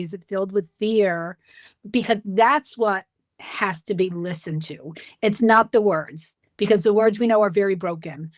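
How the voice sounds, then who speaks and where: A middle-aged woman, a dementia care expert, telling stories in a lively conversational way and acting out the dialogue. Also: medium pitch, dry recording, studio quality. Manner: storytelling, animated, acts out dialogue. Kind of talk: conversational podcast interview.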